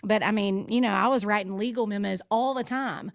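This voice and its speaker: A woman's voice: mid-range voice, fairly quick, gravelly, dry recording, studio quality. A woman guest, a former state legal official, explaining her work in an articulate, explanatory way. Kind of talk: interview answers.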